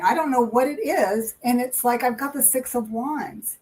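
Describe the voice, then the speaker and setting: Slightly high woman doing tarot, chatty, rambly, laughs a lot. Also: moderate pace, darkish tone, low-quality recording. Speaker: tarot reader and co-host. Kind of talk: casual live reading chat.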